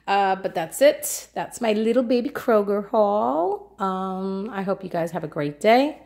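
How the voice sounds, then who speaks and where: A woman's voice: mid-range voice, expressive, unhurried, a little mellow. A woman from New York City, a vlogger chatting casually through a grocery haul, rambling along with lots of ums and uhs.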